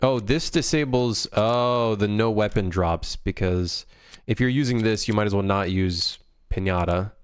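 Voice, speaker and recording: A young man, a game developer on a livestream, talking loosely and haltingly with many fillers while reading viewer chat aloud. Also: lowish voice, clear, resonant tone.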